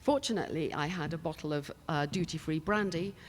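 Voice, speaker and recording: An older British woman, a conference panelist on stage, speaks briskly in a low voice into a handheld mic, with a slight hiss or hum. She tells chatty anecdotes sprinkled with laughs and asides.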